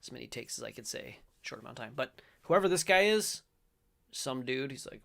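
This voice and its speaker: This middle-aged host of a faith-based commentary has a heavily gravelly, fry-laden voice and reads aloud, reacting in a casual way. Animated and a little fast, he wanders, fixes his words mid-sentence, and breaks out in loud, forceful bursts.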